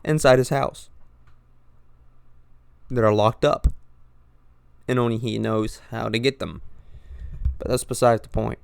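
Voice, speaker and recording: A man's voice: medium pitch, steady tone, creaky, clear, resonant tone, no echo. Young man, mixed Northern-Southern US accent. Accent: mix of Northern and Southern US. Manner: halting, with frequent restarts and trailing pauses. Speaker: podcast host. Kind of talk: casual rambling monologue.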